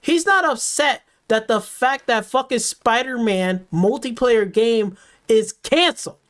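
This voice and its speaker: A man's voice: very high voice, unhurried, a bit bright. Angry, profane male streamer ranting. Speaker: gaming streamer host. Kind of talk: ranting reaction commentary.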